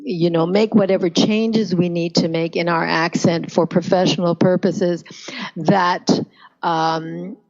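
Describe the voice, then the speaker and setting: A Canadian woman being interviewed as a pronunciation coach, talking in a measured, thoughtful way. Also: on the low side, steady tone, a little mellow, dull audio. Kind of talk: casual interview talk.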